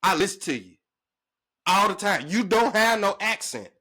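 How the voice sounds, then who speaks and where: A man ranting to camera in a sports vlog, emphatic and slangy, his pitch jumping up when he gets worked up. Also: expressive, moderate pace, sharp tone. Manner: emphatic, slangy, calling the listener "bruh" and "big dog". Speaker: sports vlogger.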